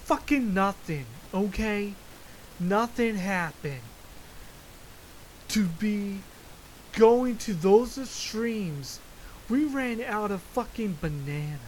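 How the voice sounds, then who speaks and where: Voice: mid-range voice, animated, slow pace, a little mellow, a little hiss or hum, low-quality recording. A podcast host delivering a solo comedic rant, profane and exaggerated, full of jokey asides. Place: lives in Florida.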